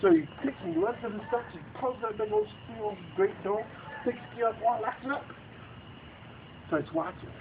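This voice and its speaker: A man's voice: extremely high pitch, moderate pace. A man telling a spooky story to family around a bonfire at night, acting out the panicked lines of the people in it. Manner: lively, acts out the characters' panicked lines. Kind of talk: animated spooky campfire storytelling. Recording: tinny, noisy home video.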